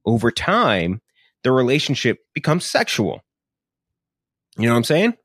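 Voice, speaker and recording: A man's voice: wildly swooping pitch, measured pace, a bit bright, breathy edge, dry recording, clean studio sound. A man co-hosting a podcast, chatting casually and swearing as he rambles through a film idea. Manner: rambling, profane, pitches a film plot. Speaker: podcast co-host. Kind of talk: casual chat.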